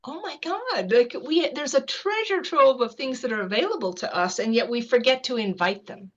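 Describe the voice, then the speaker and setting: A woman author, a guest on an interview show, brings a personal anecdote to life with vivid, conversational storytelling and light laughter. She talks fairly quickly in a slightly high voice, and the recording is muffled.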